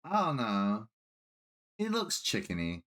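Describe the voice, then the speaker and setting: A man in casual tabletop role-play, playful and quick to laugh. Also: lowish voice. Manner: playful, laughs often, animated. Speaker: player.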